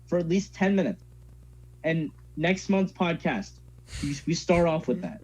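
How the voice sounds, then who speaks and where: A man's voice: a little high, unhurried, a little mellow. A teenage young man co-hosting a casual podcast, teasing his friend and rambling with lots of "like" fillers. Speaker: podcast co-host. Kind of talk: casual chat. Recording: dull lo-fi sound.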